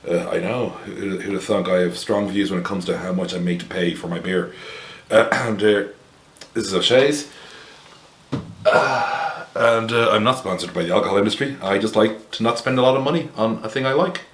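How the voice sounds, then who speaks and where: An Irish man with a low voice talks through a beer tasting in a loose, rambling way. He is wry and blunt, with lots of fillers, and the room gives back a noticeable echo. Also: moderate pace, fairly bright tone, slight background noise. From Ireland. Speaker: beer reviewer, host. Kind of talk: casual chat to camera.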